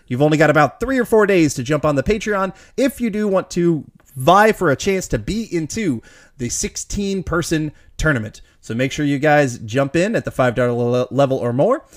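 Upbeat man hosting a quiz. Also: fairly high pitch. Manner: upbeat, laughs easily. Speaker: trivia game show host.

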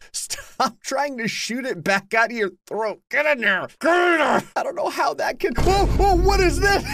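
A man giving let's-play commentary on a mobile game, excitable, laughing often and yelping in surprise. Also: sits high. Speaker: gaming commentator.

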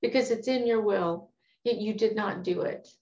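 A woman's voice: mid-range voice, normal speed, darkish tone. Earnest woman teaching scripture in an echoey room. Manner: earnest, candid and conversational, quoting scripture. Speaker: Bible teacher. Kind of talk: devotional teaching on a psalm. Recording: echoey room, dull lo-fi sound.

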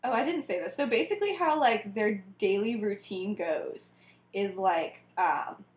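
A woman's voice: mid-range voice, lively intonation, a little slow. A young woman co-hosting a podcast, casually retelling a story with lots of "like" and frequent laughter. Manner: chatty, heavy use of "like", frequent laughter. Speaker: podcast co-host. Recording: echoey room.

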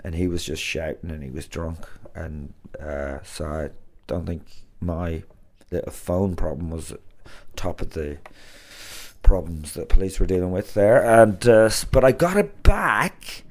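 A man talks casually as a podcast host. His voice sits very low. He rambles, circling back with fillers and restarts. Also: unhurried, darkish tone.

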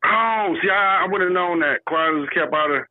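A man co-hosting a podcast in casual chat, animated and exclaiming, swearing casually and laughing often. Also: sits high, moderate pace, a crowd in the background. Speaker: podcast co-host. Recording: dry, phone-like thin sound.

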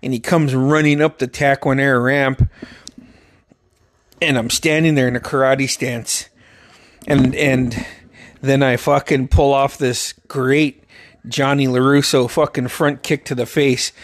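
A young man telling his dream stories in a casual monologue, swearing constantly and acting out the voices and yells. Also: mid-range voice, unhurried, no echo. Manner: profane, animated, acts out quotes with loud yelps. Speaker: storyteller.

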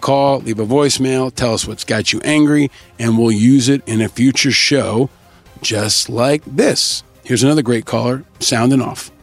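A man hosting a podcast, upbeat as he reads out shout-outs and thanks to listeners in a casual scripted way. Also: mid-range voice, a little slow, no room sound, soft background music. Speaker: podcast host.

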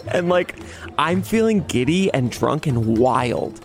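This young podcast host's voice sits on the high side, swinging widely in pitch as he talks slowly. He shares a personal story in a casual, dramatic style, mixing in laughs and swear words.

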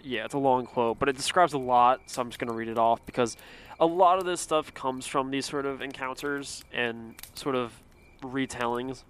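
A man's voice: medium pitch, moderate pace, a bit bright, clear, resonant tone. A man narrating a casual explainer about folklore, with a rambling manner, hedging fillers and self-aware asides.

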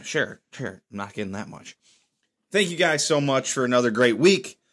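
A young adult man hosting his own podcast, rambling casually and swearing freely while sipping beer. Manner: rambling, profane, lively pitch swings. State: drinking beer while recording. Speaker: podcast host. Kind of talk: casual solo podcast monologue.

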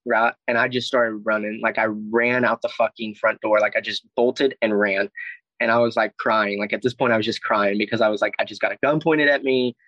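A man's voice: medium pitch, vocal fry, a bit bright, no room sound, highs cut off. Young man rambling through a story. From Alabama. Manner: rambling, heavy "like" and "I was like", frequent swearing. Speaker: guest telling his story. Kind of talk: casual storytelling.

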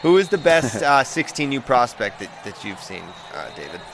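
A male podcast host with a mid-pitched voice asks easygoing questions and passes along listener questions. Steady noise sits under the recording. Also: normal speed. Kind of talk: casual podcast interview.

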